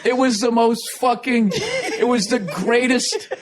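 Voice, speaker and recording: Guy w a high voice telling a story on a podcast, keeps cracking up, swears constantly. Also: slow, a crowd in the background. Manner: animated, laughing often, heavy swearing. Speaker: podcast host. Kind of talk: casual storytelling.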